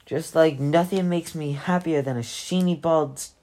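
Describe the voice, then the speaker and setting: A woman's voice: deep voice, moderate pace, mellow, lightly acted. A woman reading the part of a wry, short-tempered shopkeeper father in a storybook. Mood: exasperated. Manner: gruff, exasperated.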